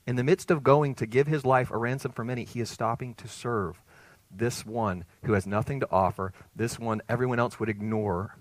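A man preaching a sermon as pastor, animated, swinging between quiet and loud. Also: mid-range voice, normal speed, no echo.

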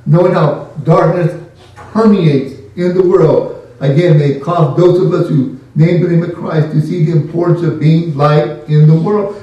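A man's voice: fairly high pitch, dark tone, highs cut off. A man preaching a sermon, emphatic and questioning, repeating key phrases to his congregation. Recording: very echoey room, voice from a distant mic.

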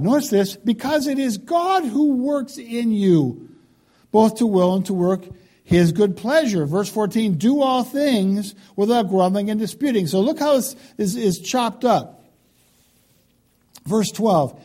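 A man delivers a sermon in a fairly high, warm and mellow voice. He stresses key words hard, stacks them in lists, then eases into quieter, pleading passages. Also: animated, a little slow, slightly rough. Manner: emphatic, swings from loud stresses to quiet pleading. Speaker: pastor.

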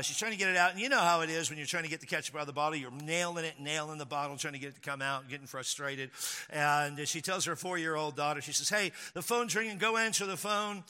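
A man's voice: fairly high pitch, sharp tone. A man preaching a sermon as pastor, chatty and storytelling, who acts out quoted people along the way. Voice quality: conversational, storytelling with acted quotes. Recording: long hall reverb.

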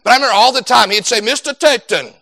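A young man preaching a sermon, animated and dropping into quoted voices. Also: very high-pitched, rapid-fire, creaky, no echo.

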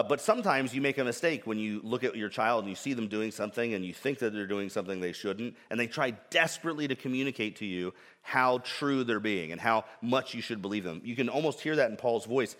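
A man's voice: medium pitch, a bit bright, in a large hall. A man preaching a sermon with earnest emphasis and frequent rhetorical questions. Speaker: pastor.

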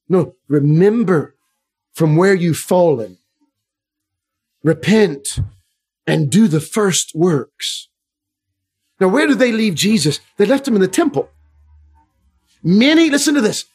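A middle-aged man preaching a sermon with fervour, dropping to a hush and then rising loud. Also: very high voice, husky. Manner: fervent, swings from hushed to loud.

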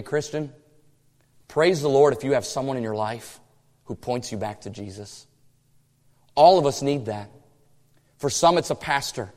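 Guy preaching, high voice, big echoey hall, gets loud then goes quiet, acts out the bible people. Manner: dramatic, swings between loud and hushed; acts out Bible characters' lines. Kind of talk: sermon. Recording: long hall reverb.

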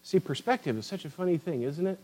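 Man, preacher, fervent sermon, swings between loud emphasis and quiet asides, fairly high pitch. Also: lively intonation, quick pace, poor audio. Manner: impassioned, rising and falling emphasis, addresses listeners as beloved.

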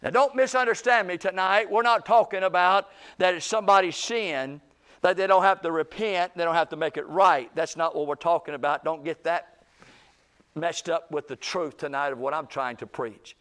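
Male preacher, high-pitched, dynamic sermon delivery with loud peaks and soft lows. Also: moderate pace. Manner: swings between loud preaching bursts and low quiet stretches. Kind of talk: evening church sermon. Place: church.

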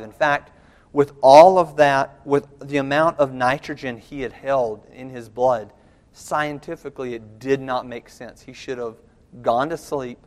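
A male preacher delivering a sermon with dramatic storytelling, dropping to near hushes and rising to urgent calls. His voice sits at a middle pitch. It carries a long reverb from a large hall. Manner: dramatic storytelling, swinging between soft and loud.

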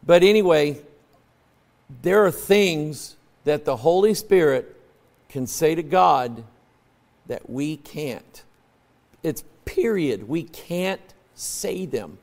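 A male preacher delivering a sermon in a folksy, conversational way, swinging from loud emphatic peaks to low quiet asides. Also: expressive, slow, vocal fry, long pauses. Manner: folksy, conversational, acts out quoted voices.

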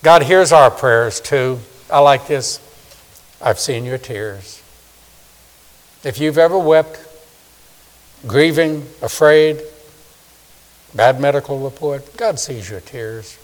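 A man in his sixties preaching a sermon, swinging from loud emphasis to hushed, soft asides. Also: a little high, takes it slowly. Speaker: pastor. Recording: long reverb of a large hall.

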